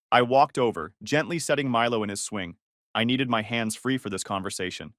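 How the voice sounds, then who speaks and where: A man's voice: lowish voice, brisk, fairly bright tone, no room sound, studio quality. A man narrating a first-person story in a confessional, tense tone.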